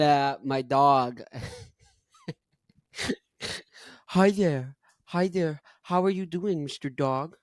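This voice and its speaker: Young man, podcast host, casual rambling chat, slangy, fairly high voice. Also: dry recording, clean studio sound. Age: young adult. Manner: rambling, laid-back slang, chuckles between thoughts.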